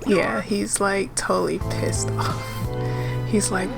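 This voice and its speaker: A woman's voice: medium pitch, steady tone, slow, vocal fry, over music. A woman narrating a life-sim game story in a casual, rambling way, full of fillers and restarts. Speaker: let's-play narrator.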